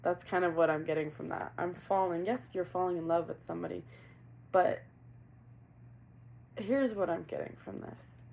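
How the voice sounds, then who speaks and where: Chatty gravelly-voiced woman reading tarot. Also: fairly low pitch, moderate pace, pauses often, a little mellow, slight background noise, rough recording. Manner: chatty, laughs often, asks cards questions aloud. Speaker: tarot reader.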